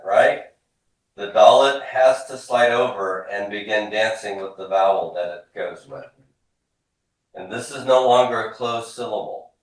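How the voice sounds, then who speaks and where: Lower-voiced male teacher in an echoey classroom. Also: recorded from a distance. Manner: explanatory, repeats words, drills forms aloud. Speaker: Hebrew instructor. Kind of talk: classroom lecture.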